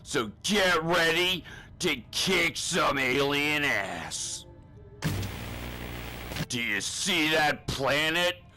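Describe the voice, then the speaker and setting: A man's voice: fairly high pitch, expressive, extremely slow, long pauses, bright, forceful tone, soft background music, exaggerated voice. A man doing a crude, barking drill sergeant. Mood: gruff. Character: gruff insulting male drill sergeant. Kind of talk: comedic spoof acting.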